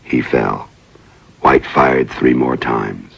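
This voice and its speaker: Very deep gravelly male narrator. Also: a bit bright, no echo. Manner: grave, measured. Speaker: documentary narrator. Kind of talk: scripted narration. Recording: dull lo-fi dry recording.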